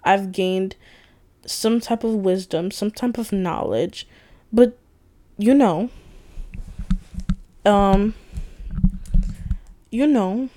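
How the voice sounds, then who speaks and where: A woman's voice: medium pitch, drawn-out words, long pauses, warm tone. A young woman hosting a solo podcast, talking in a loose, rambling, candid way with lots of slang and swearing. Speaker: podcast host. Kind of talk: late-night solo venting monologue.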